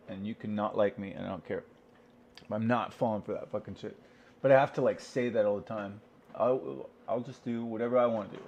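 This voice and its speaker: A man's voice: medium pitch, a little mellow. Guy ranting to himself at home, cursing a lot, kinda dull lo-fi sound. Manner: rambling, profane, talks to himself. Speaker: vlogger. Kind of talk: rambling solo rant to camera. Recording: dull lo-fi recording.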